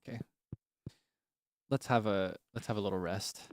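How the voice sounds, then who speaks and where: A man's voice: on the low side, steady tone, normal speed. Chatty male game streamer. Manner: chatty, talks straight to viewers. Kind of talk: casual gameplay stream chat.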